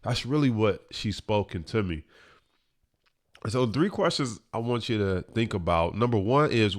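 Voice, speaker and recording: A man telling a personal story as a motivational speaker, earnest and building from hushed to emphatic. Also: lowish voice, lively intonation, a little slow.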